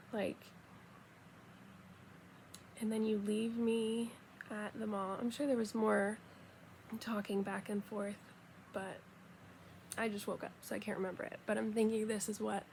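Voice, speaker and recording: A young woman telling a personal story in a casual, animated way, acting out what people said. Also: medium pitch, creaky, slight background noise. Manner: chatty, animated retelling with quoted dialogue.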